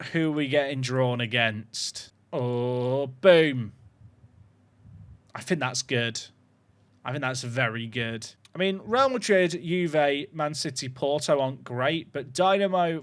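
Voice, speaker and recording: A young man commentating his own football management game at home, chatty and excitable, shouting when goals go in. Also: mid-range voice, no room sound. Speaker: gaming YouTuber. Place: home room.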